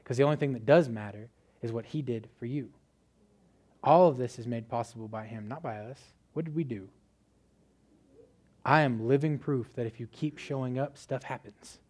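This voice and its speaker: A man's voice: medium pitch, moderate pace, a little mellow. Casual storytelling male preacher. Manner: conversational storytelling with many "like" fillers. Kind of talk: casual sermon testimony.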